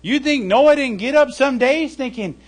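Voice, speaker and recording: A man's voice: extremely high pitch, moderate pace. A man preaching a sermon in a conversational way, often checking in with "okay?" and "right?" and acting out mocking voices. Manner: acts out mocking voices loudly. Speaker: pastor. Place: church service.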